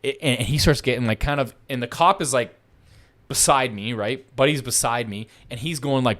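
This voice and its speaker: A man's voice: medium pitch, normal speed. A young man telling a story in casual podcast chat, swearing a lot and acting out what other people said. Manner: profane, animated, acts out the other people's lines.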